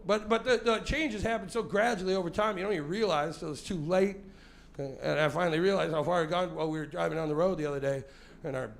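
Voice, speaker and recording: A man of forty with a high voice doing stand-up on a club stage. He is loud, profane and confrontational, and he teases the crowd. He is sweating as he performs. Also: vocal fry, a little hiss or hum. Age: 40s. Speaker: stand-up comedian. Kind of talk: live stand-up comedy set.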